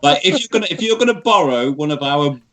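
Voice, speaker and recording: A man's voice: fairly high pitch, big pitch swings, a bit bright. Sweary British man. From United Kingdom. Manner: blunt, sweary, quick to laugh. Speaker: guest. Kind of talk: casual podcast chat.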